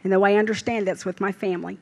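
A woman's voice: medium pitch, fairly even intonation, rapid-fire, vocal fry, in a large hall. An older woman, preaching a sermon at a church service and telling homespun stories in down-home grammar. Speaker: lay preacher. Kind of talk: folksy sermon.

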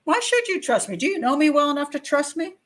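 A woman's voice: sits high, big pitch swings, fast talker. An older woman hosting true-crime commentary, giving frank, opinionated views straight to viewers with casual asides and rhetorical questions. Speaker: criminal profiler and channel host.

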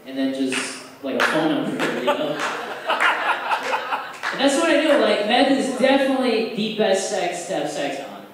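A young man on an open-mic stage, his voice a little higher than most men's. He rambles loosely with a lot of fillers and breaks now and then into loud put-on voices. He is heard from across an echoey, noisy bar room. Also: sing-song, moderate pace, far from the mic. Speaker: stand-up comic.

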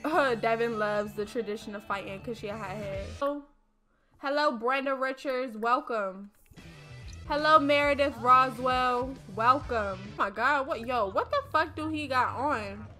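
A woman's voice: fairly high pitch, a little slow, bright, forceful tone. A young woman casually narrating a life-sim game to her viewers, chatty, slangy and freely cursing, over a desk mic. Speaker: gaming streamer. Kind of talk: casual let's-play commentary. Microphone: desk mic, no face cam. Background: faint game music.

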